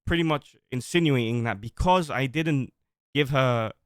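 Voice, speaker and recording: A man streams from home, talking defensively and at length as he reads old messages aloud. His voice is smooth and resonant, sitting at an everyday middle pitch. The close mic leaves it dry, with almost no room sound. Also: a little slow, dry recording. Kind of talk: livestream talk, reading out messages.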